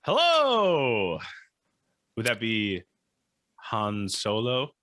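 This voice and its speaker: A man's voice: fairly low pitch, quick pace, sharp tone, no room sound, clean studio sound. A man co-hosting a sports podcast, joking and playful in casual chat. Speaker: podcast co-host.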